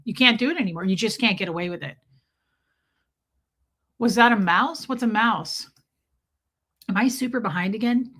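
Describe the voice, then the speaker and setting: A woman in her forties hosting a casual livestream, greeting viewers by name and joking with dark humor. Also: mid-range voice. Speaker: livestream host. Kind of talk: casual livestream chat reading viewer comments.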